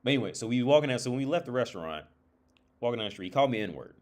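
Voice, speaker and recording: A man's voice: mid-range voice, lively intonation, rapid-fire. A man telling a story on a casual livestream, rambling with many restarts and filler words. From United States. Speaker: streamer and therapist.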